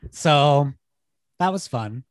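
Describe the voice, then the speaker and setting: A man's voice: a little high, animated, extremely slow, no echo. A young man, a podcast co-host, telling a rambling party story in casual chat, swearing and laughing.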